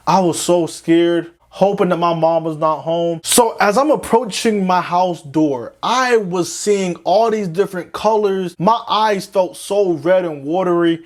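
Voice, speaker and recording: A young man from Florida telling a storytime tale in slangy talk, swinging between panicky high squeaks and low drawls. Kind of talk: animated storytime narration.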